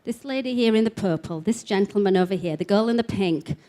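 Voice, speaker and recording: A woman giving a chatty, animated storytelling talk to a live audience at an expo, acting out the quotes. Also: mid-range voice, brisk. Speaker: speaker at a spiritual expo.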